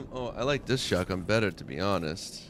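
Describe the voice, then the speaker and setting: A man's voice: low-pitched, expressive, moderate pace, very noisy. A man with a Long Island accent giving casual commentary as he plays a game, chatty and muttering to himself while he loots. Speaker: game streamer.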